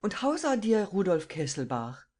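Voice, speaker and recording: A narrator voicing a poor, excitable old German man with a German accent who stammers and splutters in bursts. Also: high voice, moderate pace, voice pushed up. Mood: surprised, eager. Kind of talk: audiobook character voice.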